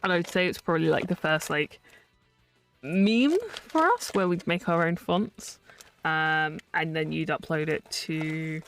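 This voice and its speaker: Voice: mid-range voice, unhurried, a bit bright, faint music behind. A streamer in their twenties, chatting casually on a live stream in a rambling, filler-heavy way with frequent laughs.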